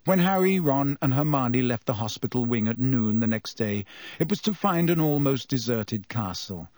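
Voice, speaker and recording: A man narrating an audiobook with an expressive delivery. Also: mid-range voice, normal speed, no echo. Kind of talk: audiobook reading.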